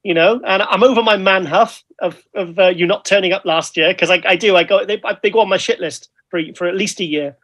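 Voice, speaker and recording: A British man co-hosting a casual chat, rambling and lively as he tells stories. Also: high-pitched, fairly quick, hardly any pauses. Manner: chatty, rambling, lively storytelling. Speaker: co-host.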